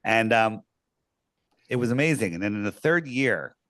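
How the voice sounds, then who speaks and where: A man's voice: lowish voice, expressive, moderate pace, fairly bright tone, no echo. Rambling, storytelling male guest. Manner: rambling, lots of fillers and restarts. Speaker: podcast guest. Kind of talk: casual storytelling.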